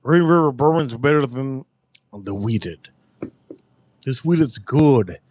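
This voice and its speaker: A man hosting a casual livestream, rambling through stories loudly and with lots of swearing. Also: medium pitch, lively intonation, takes it slowly, no room sound. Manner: rambling storytelling, loud and profane. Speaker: livestream host.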